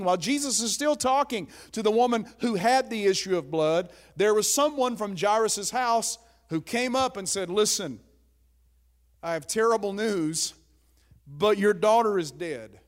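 A pastor preaching a sermon in an emphatic, conversational way, often checking in with his listeners. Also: sits high.

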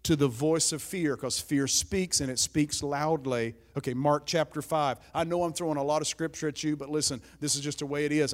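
A pastor preaching a sermon in an emphatic, conversational way, often checking in with his listeners. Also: high voice.

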